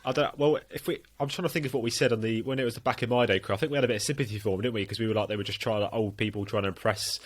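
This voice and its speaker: A man's voice: fairly low pitch, steady tone, very fast, few pauses. A man hosting a podcast, talking in a rambling, chatty way and laughing easily. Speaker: podcast host. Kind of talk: casual chat.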